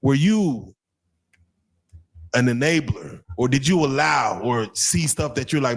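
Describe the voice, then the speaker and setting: A man's voice: medium pitch, lively intonation, unhurried. Blunt man interviewer pressing hard. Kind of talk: interview questions.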